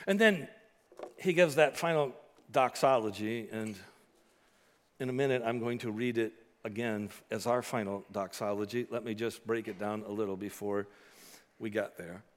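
A man's voice: on the low side, moderate pace. Man preaching a sermon in a reverberant hall. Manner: swells from loud emphatic preaching to soft earnest appeal. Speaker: pastor. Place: church sanctuary.

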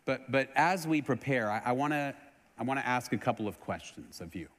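A middle-aged man from Texas preaching a sermon as pastor, earnestly, swelling loud and then dropping low and soft. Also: animated, fairly quick. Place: church sanctuary. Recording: long hall reverb.

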